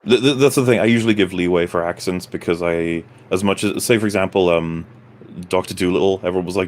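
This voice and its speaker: A man's voice: low voice, fast talker, a little mellow. A man from Wales with a light Welsh accent, a podcast guest musing in casual chat with many fillers.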